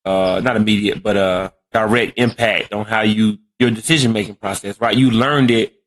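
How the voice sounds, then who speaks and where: A man's voice: on the low side, fairly even intonation, moderate pace, rough recording. A man hosting a podcast, casually asking his father questions in a loose, rambling way. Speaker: podcast host, the guest's son. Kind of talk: casual conversation.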